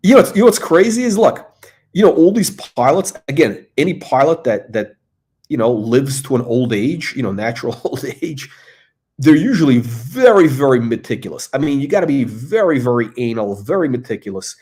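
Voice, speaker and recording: A man hosting a live stream talks casually at an ordinary middle pitch. He rambles with frequent fillers, repeated words and restarts. His voice comes through a computer mic. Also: big pitch swings, normal speed, warm tone. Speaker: host. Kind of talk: casual livestream chat.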